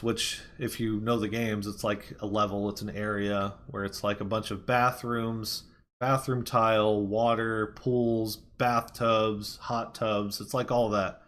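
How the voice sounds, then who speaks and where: A man's voice: mid-range voice, a bit bright. A man giving a casual movie review, retelling the plot in a rambling way with fillers and restarts.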